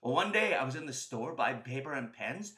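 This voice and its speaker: A man hosting a children's storytelling show, telling a story in a playful, animated way and acting out the scenes. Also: medium pitch, a little fast, echoey room. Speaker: storyteller host.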